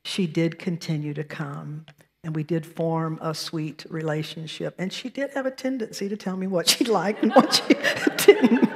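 A woman's voice: lowish voice, big-room sound. A woman minister with a Southern American accent, delivering a sermon with storytelling and self-deprecating asides. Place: church sanctuary.

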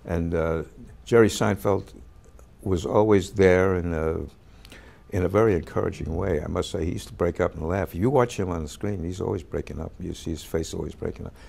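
Gravelly man telling a backstage story. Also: sits low, moderate pace. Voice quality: gravelly, husky. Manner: animated storyteller who acts out quoted voices. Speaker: actor interviewee. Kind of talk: anecdotal interview storytelling.

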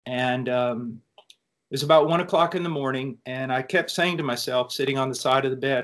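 An American man speaks as a preacher at a student Q&A, recounting his testimony with an earnest, reflective manner. His voice sits at an ordinary pitch for a man, and he tells the story in a measured, sincere way. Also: a bit bright. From United States. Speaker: preacher answering student questions. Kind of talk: personal testimony in a Q&A.

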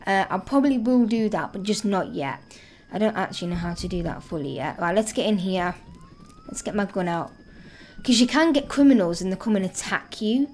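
Lively, excitable woman gaming host. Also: mid-range voice, a little fast, a little hiss or hum. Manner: excitable, chatty, thinking aloud. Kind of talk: casual let's-play commentary.

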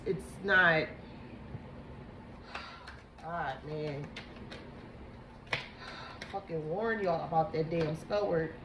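Lady doing a tarot reading, lowish voice, halting and emotional, echoey noisy room. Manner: halting, emotional, repeats herself. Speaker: tarot reader. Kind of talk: psychic reading vlog. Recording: echoey room with background noise.

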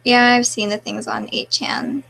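A woman's voice: on the high side, level tone, measured pace, vocal fry, fairly bright tone. A woman live streaming in casual chat, reading out viewer comments and answering them in an offhand, mumbling way, with a crackly voice.

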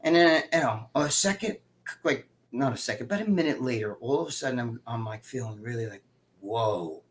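On a live stream, a middle-aged guest co-host tells stories casually in a medium-pitched voice, talking fairly quickly with a little hiss or hum. He swears freely, stays animated and acts out what other people said.

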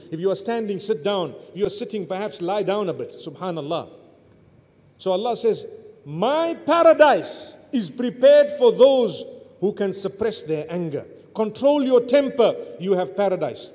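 A male preacher with a high voice delivers a religious sermon. He builds to loud, urgent peaks and then falls to quiet, low murmurs. His voice trails off into a long hall reverb. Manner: rises to near-shouts, then drops to soft low murmurs. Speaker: Islamic preacher.

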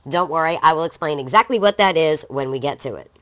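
A woman's voice: deep voice, expressive, quick pace, a bit bright. A woman teacher giving a recorded lesson in a casual, conversational way with bits of slang. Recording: dull lo-fi recording.

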